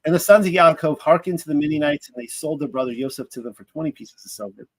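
A man's voice: a little high, fast, dry recording, rough recording. A man reading scripture aloud and commenting in a casual, thinking-aloud way, with fillers and restarts. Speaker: Bible study teacher.

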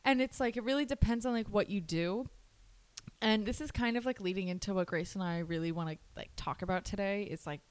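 A woman's voice: mid-range voice, brisk, clear, resonant tone. A woman in her twenties, co-hosting a casual podcast chat, talking in a chatty way with swearing and laughs. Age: 20s. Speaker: podcast co-host.

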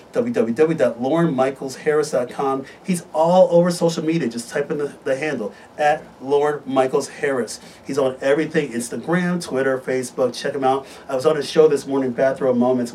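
A man's voice: mid-range voice, a little mellow, far from the mic, slight background noise. A man hosting a live health talk show from a radio studio, upbeat and promotional.

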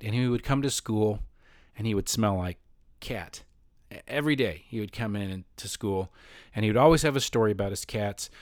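A middle school choir teacher with a lowish voice casually tells personal stories, rambling, restarting, and correcting himself often. He turns animated when quoting others. The recording is dry, with clean studio sound.

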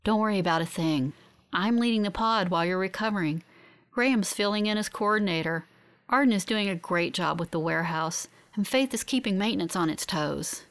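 A woman voicing a grieving older sister who speaks tearfully while trying to sound calm. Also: mid-range voice, fairly quick, natural voice. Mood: tearful, tender.

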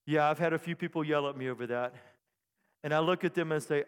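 A high-voiced male pastor preaches to his congregation, swinging from soft asides to loud, excited bursts. His voice rings out with a long reverb through the church hall. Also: fast talker, clear, resonant tone. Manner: animated preaching with bursts of shouting. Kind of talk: sermon. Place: church sanctuary.

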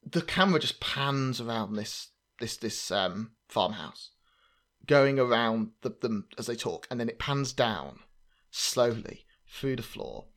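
A man's voice: medium pitch, lively intonation, a little slow, a bit bright. A man hosting a casual film discussion, chatty and jokey, with many fillers and restarts. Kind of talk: casual chat.

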